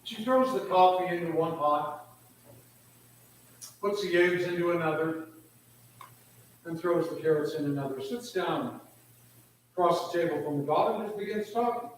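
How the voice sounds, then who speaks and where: A man, a church minister, preaching a sermon as he tells an illustrative story with drawn-out pauses. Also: a little high, a little hiss or hum.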